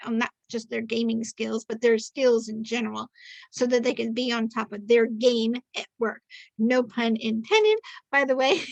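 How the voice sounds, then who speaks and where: A middle-aged woman hosting a podcast with a somewhat high voice, talking in a loose, chatty way with plenty of restarts and little jokes. She is heard over a video call, and the sound is dry and close, with no room around it. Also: creaky, fairly bright tone, no room sound, low-quality recording. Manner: chatty and rambling, self-correcting, joking. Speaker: podcast host. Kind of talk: casual interview introduction.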